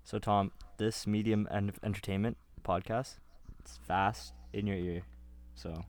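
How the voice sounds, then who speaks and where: A man's voice: fairly low pitch, fairly even intonation, unhurried, darkish tone. A young man on a podcast cracking dry, absurd jokes in casual chat. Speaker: podcast co-host.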